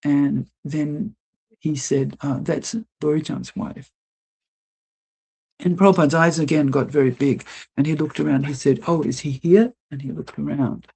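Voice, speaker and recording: An older woman, a guest telling lively stories in an interview, laughing often and acting out what people said. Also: low voice, normal speed, creaky, breathy edge. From Australia. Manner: lively anecdotal storyteller, laughs often, acts out quotes. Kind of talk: storytelling interview.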